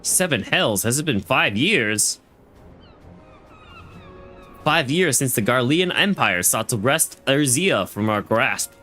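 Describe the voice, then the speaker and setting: A man's voice: medium pitch, pushed and bright. A man reading as a stern war-weary admiral. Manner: stumbling over names and lines. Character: stern female fleet admiral recounting war. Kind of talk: reading game dialogue aloud.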